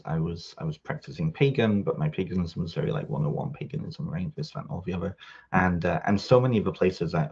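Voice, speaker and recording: A man's voice: deep voice, darkish tone, slightly rough, highs cut off. A man with a Canadian accent, the guest in an interview, talking in a rambling way and searching for words. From England. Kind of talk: reflective interview talk.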